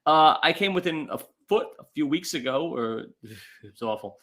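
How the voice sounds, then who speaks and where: A man who is a guest on a podcast, chatting casually and firing off quick wisecracks with mock outrage. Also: fairly high pitch, lively intonation, a bit bright. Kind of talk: casual comedic chat.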